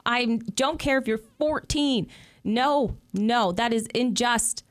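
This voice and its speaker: A woman's voice: on the high side, slow. A woman from Canada, a guest on a talk show, speaking in an indignant, emotional and outspoken way. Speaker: guest commentator.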